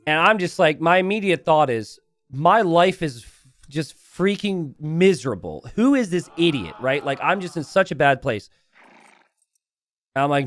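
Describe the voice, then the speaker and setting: Animated man telling stories mid-commentary. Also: fairly high pitch, moderate pace, no echo. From United States. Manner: animated, rambling, casual. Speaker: game caster and host. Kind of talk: game commentary with storytelling.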